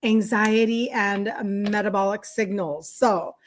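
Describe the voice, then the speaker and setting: A middle-aged woman with a Minnesota accent hosts a relaxed livestream. She talks to her viewers in a chatty way, greets them by name, and laughs often. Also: mid-range voice, slow. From Minnesota, USA. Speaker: health coach hosting a livestream. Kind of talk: casual livestream chat with viewers.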